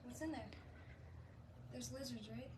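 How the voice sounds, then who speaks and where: A young woman's high voice comes from a distance, away from the phone. She chats in a quiet, offhand way. Faint outdoor noise runs beneath her. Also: measured pace. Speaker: vlogger's child.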